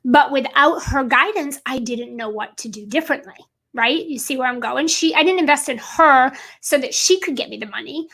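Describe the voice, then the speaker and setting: A woman's voice: sits high, normal speed, vocal fry, a bit bright. A woman business coach giving an earnest, emphatic motivational talk on a livestream, repeating points for stress.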